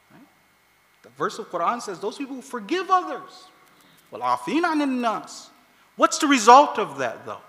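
Male preacher, storytelling sermon, very high and lively voice. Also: moderate pace. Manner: animated, acts out quoted voices. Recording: long hall reverb.

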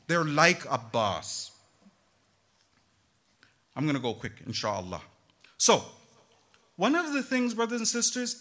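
A woman giving an animated religious talk to a gathering, talking straight to her listeners with frequent asides. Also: sits low, unhurried, long pauses. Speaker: religious lecturer.

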